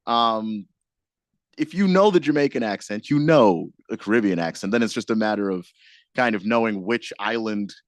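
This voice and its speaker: A male radio co-host in casual chat, easygoing and quick to laugh. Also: fairly low pitch, no echo.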